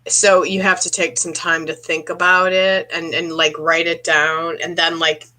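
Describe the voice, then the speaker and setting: A woman psychic medium giving a live-stream reading, speaking haltingly and clearing her throat often as she asks a viewer questions. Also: sits low, little pitch movement, sharp tone. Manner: halting, searching delivery with frequent throat clearing; addresses a viewer directly with questions.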